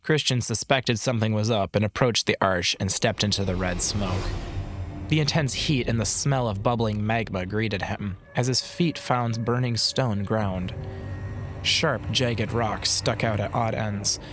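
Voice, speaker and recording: A man narrates a fantasy audiobook with measured, dramatic delivery. His voice sits fairly low. Music plays under the narration throughout. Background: background music.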